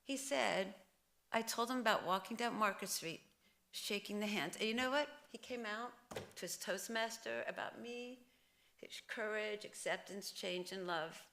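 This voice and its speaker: A woman's voice: mid-range voice, measured pace, vocal fry, sharp tone. A woman telling a story about her father at his funeral, quoting family members along the way. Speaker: family member giving a eulogy. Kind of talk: funeral eulogy.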